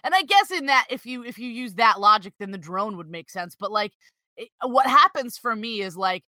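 Bright-voiced woman in loose chat. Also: fairly high pitch, expressive, moderate pace, no room sound. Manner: loose, peppered with "like", swears freely. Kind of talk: casual chat.

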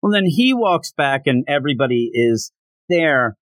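A man's voice: medium pitch, expressive, fairly bright tone, no echo. Chatty male podcast host, dry sound. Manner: chatty, amused retelling with quick voice impressions. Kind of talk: casual manga recap.

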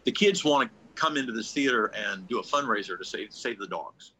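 A man tells showbiz anecdotes in a husky voice with a bright, forward edge. His pitch swings widely as he acts out the people in his stories, and he restarts sentences often. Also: brisk, low-quality recording. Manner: animated storyteller, restarts often, acts out quotes. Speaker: ventriloquist guest. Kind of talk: casual anecdote telling.

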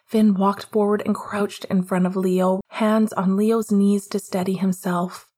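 Woman, audiobook narration, soft, unhurried, husky. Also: mid-range voice, level tone. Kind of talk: scripted narration.

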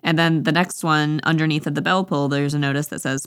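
A woman's voice: low voice, fairly even intonation, a little fast, few pauses, a bit bright, smooth, no room sound, clean studio sound. A woman co-hosting a casual chat, playfully retelling a story with frequent laughter.

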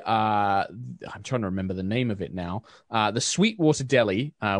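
A man's voice: lowish voice, no room sound, studio quality. A man narrating a tabletop game as game master, in a loose style full of fillers.

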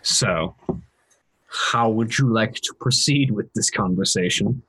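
Relaxed man running a tabletop game. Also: lowish voice, slow, a little hiss or hum. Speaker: game master.

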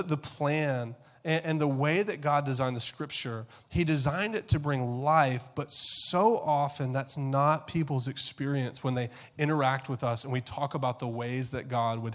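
A man preaching a sermon that opens with a comic personal story. He is an animated storyteller who keeps checking in with "okay?" and often repeats words as he goes. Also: a little high. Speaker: pastor.

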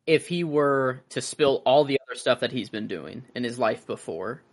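A relaxed young man talks over a film with a friend. He hesitates and swears casually, and now and then mimics the people in the story. His voice sits in a middle register. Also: mid-range voice, moderate pace. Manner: laid-back, swears, hesitant, mimics characters. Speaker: podcast co-host.

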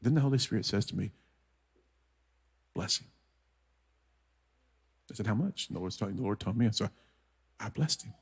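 A man preaching a sermon, telling a story with humor and lively energy. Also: lowish voice, rapid-fire, breathy edge. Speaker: guest preacher. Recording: long hall reverb from church.

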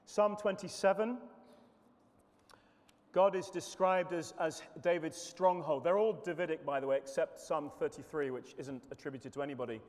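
A man's voice: fairly high pitch, normal speed, long reverb tail. A man preaching an earnest sermon through a run of psalms, often restarting phrases and repeating words as he goes.

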